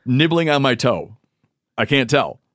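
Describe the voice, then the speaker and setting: A man in casual podcast conversation, rambling as he works out his point and correcting himself mid-sentence. His voice sits at an ordinary middle pitch. The recording is dry and close, with no room echo. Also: lively intonation, unhurried, a bit bright. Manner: rambling, thinks aloud with self-corrections. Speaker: podcast host. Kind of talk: casual chat.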